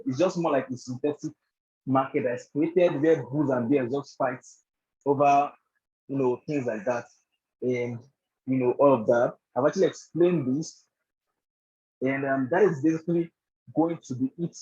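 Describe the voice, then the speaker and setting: A man's voice: on the high side, a little mellow, breathy edge, lo-fi sound. A man teaching a live online trading bootcamp on a group call. He keeps checking in with his listeners, asking "do you understand?" and "right?", and he often says "actually". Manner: leans heavily on "actually" and "all of that". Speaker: trading instructor.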